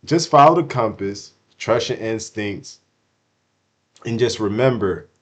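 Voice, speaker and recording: Man, very deep voice, crypto stream commentary, slangy, repeats himself, jumps from loud hype to quiet. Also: expressive, measured pace. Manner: swings from hyped shouting to hushed apologies. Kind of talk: excited market commentary to chat.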